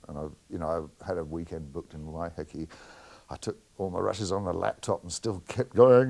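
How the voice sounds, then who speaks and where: Speaking at a moderate pace in a low, darkish voice with a gravelly edge, a middle-aged New man responds to interview questions about his work as a film editor. He's frank, packed with anecdotes, and frequently chuckles.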